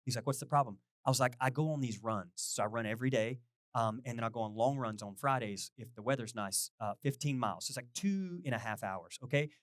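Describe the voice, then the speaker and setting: A middle-aged male pastor giving a chatty, animated sermon, poking fun at himself and acting out little conversations. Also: medium pitch, fast talker, dry recording, clean studio sound. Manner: animated, self-deprecating, quotes people in lively voices.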